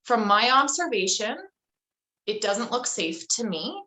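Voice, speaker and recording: Her voice sits on the high side, expressive, pushed, and bright, as this middle-aged woman, an interview guest, unhurriedly tells a story. She is chatty and loose, saying "like" and "um" often, and the recording is rough.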